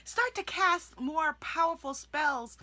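A woman life coach delivers an enthusiastic, animated motivational talk to camera for an online channel, slipping into soft, demonstrative affirmations as she acts them out. Her voice is high-pitched, she takes her time, and there's no room sound.

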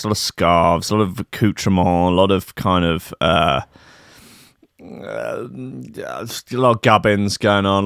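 A man's voice: deep voice, vocal fry, a bit bright, clean tone, no room sound, clean studio sound. A man telling a comic anecdote in a wry, rambling, sarcastic way. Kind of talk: comic storytelling monologue.

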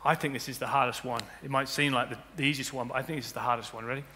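A man preaching a sermon as pastor, building to loud emphatic peaks. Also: medium pitch, steady tone, very fast, slight background noise. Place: church auditorium. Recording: long hall reverb with faint music.

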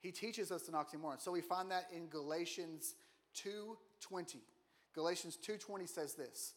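A man's voice: fairly high pitch, moderate pace. A man giving a casual, joking sermon in a church, often putting questions to the congregation. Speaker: guest preacher. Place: church auditorium.

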